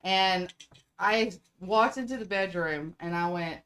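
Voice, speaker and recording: A woman's voice: on the low side, a little slow, fairly bright tone, clean tone. A woman co-hosting a casual livestream chat, swearing freely and laughing often. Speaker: podcast co-host.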